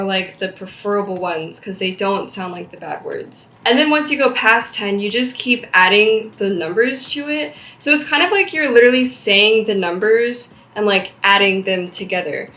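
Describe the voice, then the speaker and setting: A woman's voice: medium pitch, fairly bright tone. Chatty young woman, roomy sound. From United States. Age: 20s. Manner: chatty, curious, laughs at herself. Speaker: vlogger. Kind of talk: casual language-learning vlog. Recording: roomy sound with faint background music.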